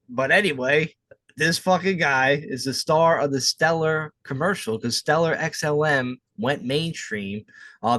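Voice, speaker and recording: A man co-hosting a podcast in crude, laughing banter and swearing freely. His voice sits at an ordinary middle pitch. The sound is dry and close, with no room around it. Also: fairly bright tone, no echo. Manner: profane, laughing, joking. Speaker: podcast co-host.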